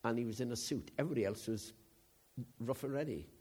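A man delivers a sermon in a conversational style, his medium-pitched, husky voice moving quickly. He drops into hushed asides, then rises into loud, emphatic bursts.

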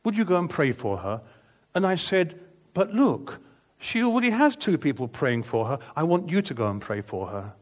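A man's voice: fairly high pitch, sing-song, moderate pace. A man preaching a sermon, telling a personal story in an earnest, emphatic way and acting out the dialogue as he goes. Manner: earnest, emphatic testimony with vivid retold dialogue.

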